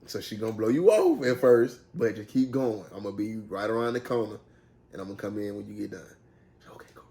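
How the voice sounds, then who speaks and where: A man casually telling a story, laid-back, quoting himself softly. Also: lowish voice, fast. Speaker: vlogger, groom-to-be.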